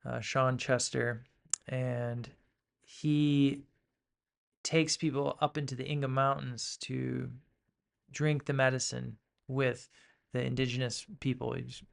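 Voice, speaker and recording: Gravelly man hosting a rambling podcast. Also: medium pitch, takes it slowly. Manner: relaxed, rambling, many fillers and restarts. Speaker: podcast host. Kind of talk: casual spiritual podcast talk.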